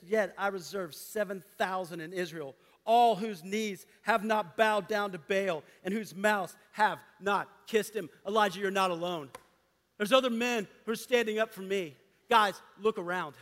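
A man preaching a sermon to a gathering of men, impassioned, dropping to a hush and rising again. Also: sits high, moderate pace. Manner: impassioned preaching, swinging between loud and hushed. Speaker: pastor. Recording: long hall reverb.

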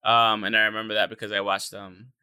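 A man chatting casually on a podcast about fights, rambling and swearing freely, with plenty of filler words. His voice is very bright and forceful, and the recording is dry and close. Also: on the low side, flat delivery, fairly quick, smooth, no echo. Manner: loose, profane, rambling with many fillers. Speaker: podcast co-host. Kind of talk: casual sports chat.

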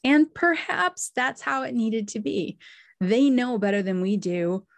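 A woman podcast host and medium telling a personal story in a heartfelt, emotional way, with pauses and restarts. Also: on the high side, creaky, dry recording.

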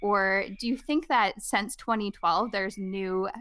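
A woman co-hosting a podcast, reading a picture book aloud and leading a casual discussion in an expressive way. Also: medium pitch, takes it slowly. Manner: expressive, animated. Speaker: podcast co-host.

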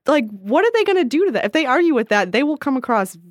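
A woman co-hosting a casual advice podcast, chatty and animated, often laughing and acting out quotes. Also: sits high, quick pace, no room sound, clean studio sound. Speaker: podcast co-host.

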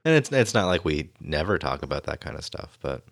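A man with a deep, low voice speaks in a relaxed podcast conversation, weighing his words and circling back as he talks. The recording is close and dry. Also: vocal fry, dry recording. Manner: thoughtful, halting, restarts often. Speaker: podcast co-host. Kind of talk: casual chat.

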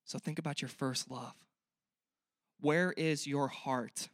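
A man's voice: medium pitch, fairly even intonation, slow pace, dry recording, clean studio sound. A young man preaching a sermon in a church, earnest and conversational, often asking the listeners questions. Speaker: pastor.

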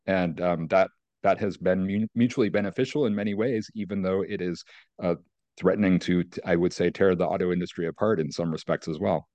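Very deep-voiced male expert. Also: fairly even intonation, darkish tone, no room sound. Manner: measured, qualifying, frequent uh fillers. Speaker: energy researcher guest. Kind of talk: expert interview answers.

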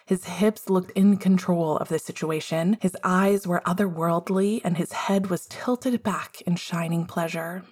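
Woman reading fan fic out loud, low husky voice, expressive. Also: measured pace, few pauses. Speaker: narrator. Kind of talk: fan fiction audiobook reading.

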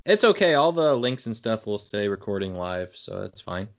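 A man's voice: lowish voice, big pitch swings, normal speed, creaky. A man co-hosting a podcast in casual chat, joking and telling rambling stories, on muffled lo-fi audio. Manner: rambling storyteller, jokey. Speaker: podcast co-host.

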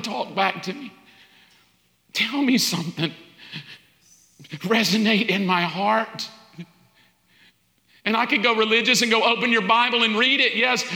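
A man preaching a sermon as pastor, building repeated appeals and sometimes dropping to a hushed whisper. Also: very high voice. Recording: echoey hall.

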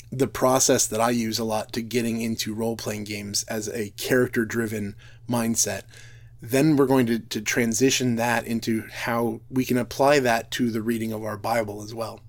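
Earnest man giving a reflective talk. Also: medium pitch. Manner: reflective, with frequent restarts. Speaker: speaker. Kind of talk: earnest talk on role-play and Bible reading.

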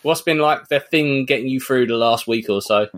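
A man's voice: medium pitch, moderate pace, fairly bright tone. A man hosting a film podcast over a remote call, casual and teasing. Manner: jokey, teasing. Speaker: podcast host. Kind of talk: casual chat. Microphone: remote call recording.

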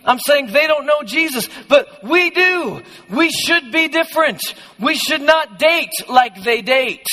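A youth pastor preaching a conversational, passionate sermon in a church hall. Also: male voice, very high voice, pushed and bright. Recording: long hall reverb.

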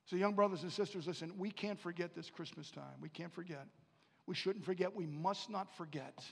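A high-pitched man preaches a sermon in a church hall, and his words trail off into a long reverb. He moves between quiet, intimate passages and loud, rising calls, and he repeats phrases to drive them home. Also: brisk, creaky, husky. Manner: swings from hushed to loud preaching. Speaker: pastor.

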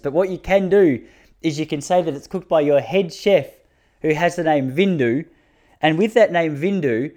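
A man in his thirties with an Australian accent and a slightly high, darkish voice delivers a casual comedic storytelling monologue. His humor is crude and self-mocking, and he laughs at his own jokes.

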